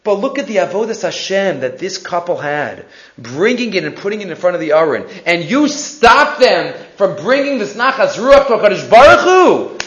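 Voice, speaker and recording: Man, sermon storyteller, high lively voice, echoey room, muffled lo-fi. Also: moderate pace. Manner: animated storyteller, acts out characters. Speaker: rabbi or teacher giving a sermon.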